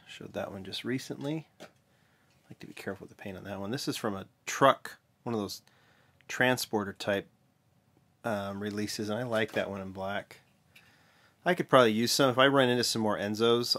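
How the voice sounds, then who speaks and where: A man with a somewhat low voice talks his way through a casual show-and-tell vlog. His delivery is offhand and a little mumbled, with quick self-corrections along the way. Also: fairly bright tone. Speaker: vlog host, toy car collector.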